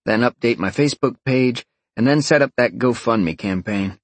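A man's voice: medium pitch, moderate pace, dry recording, lightly acted. Man voicing an easygoing young man.

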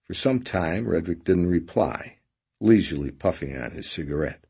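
A man narrating a story in a measured, expressive way. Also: sits low, gravelly, slightly rough. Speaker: audiobook narrator. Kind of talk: scripted narration.

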